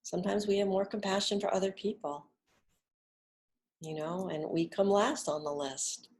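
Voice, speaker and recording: Speaking softly and soothingly at medium pitch, a middle-aged wellness instructor guides a gentle relaxation lesson with whispered exhales between steps. Her tone stays steady and her pace normal.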